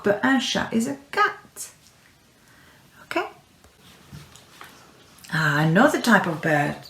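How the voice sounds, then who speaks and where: A woman teaching French words to young pupils, speaking slowly and patiently and stretching words out for them to repeat. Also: a little high, creaky, reverberant. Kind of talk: slow, clear classroom instruction.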